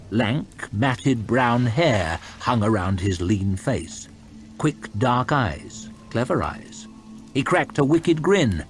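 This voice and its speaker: A man reading a novel aloud as storytime narration, expressive with soft low asides. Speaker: audiobook reader. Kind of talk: storytime narration over gameplay.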